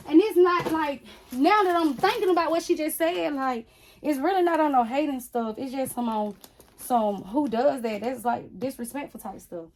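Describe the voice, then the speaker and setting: A woman's voice: on the high side, a little mellow, a little hiss or hum. A woman craft vlogger chatting casually to her viewers while she works, rambling and blunt with sassy asides. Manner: rambling, talks straight to viewers with frequent "y'all". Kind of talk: casual chat while working on a basket.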